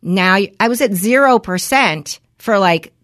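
A woman co-hosting a podcast, telling a story in casual chat, acting out the quoted exchanges with lively shifts and swearing freely. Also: mid-range voice, measured pace. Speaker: podcast co-host.

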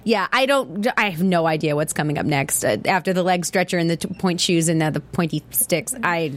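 A woman with a squeaky voice hosting a show, chatting casually and rambling with lots of fillers and laughs. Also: fairly quick. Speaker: show host. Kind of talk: casual chat about a TV show.

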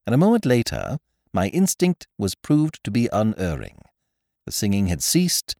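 A man narrating a story in an expressive, animated reading on a close microphone. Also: fairly low pitch, dry recording. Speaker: podcast narrator.

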